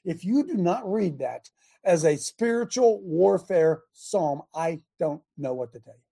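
A middle-aged man hosts a radio show where he teaches from the Bible in a chatty, emphatic sermon style, speaking directly to listeners and his producer. His high-sitting, gravelly voice has a breathy edge, lively intonation, and an unhurried pace, rising nearly to shouts when he quotes scripture.

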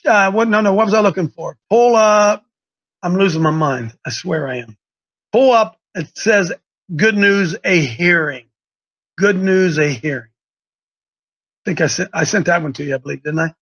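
A man hosting a live call-in show, talking in an excitable, preachy, rambling way. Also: on the high side, normal speed, slightly rough, low-quality recording.

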